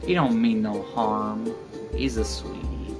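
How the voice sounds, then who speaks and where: A man's voice: on the low side, fairly even intonation, slow. A man doing playful, cooing commentary while playing a story game. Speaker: let's player. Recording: game music underneath.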